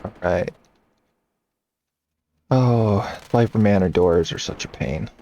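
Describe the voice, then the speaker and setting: A man casually commenting on his game playthrough, rambling and thinking out loud. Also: on the low side, slow, muffled recording, slight background noise. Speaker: game streamer. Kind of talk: casual let's-play commentary.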